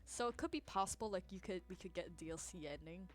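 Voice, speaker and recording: A young woman streaming a game, reacting with excitable outbursts, swearing and laughing between slow, drawn-out remarks. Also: on the low side, faint music behind. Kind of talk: casual gameplay commentary.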